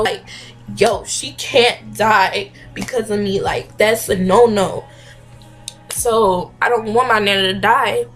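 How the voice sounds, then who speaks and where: A young woman vlogger telling a story in a casual, slangy, animated way, acting out what people said. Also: mid-range voice, slow, faint music behind. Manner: animated, slangy, acts out quotes. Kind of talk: storytime vlog.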